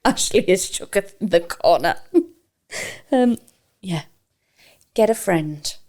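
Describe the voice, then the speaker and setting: A woman's voice: on the low side, expressive, takes it slowly, darkish tone. A tired woman, co-hosting a casual podcast chat, playful and laughing often, stumbling when she reads aloud. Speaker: podcast co-host.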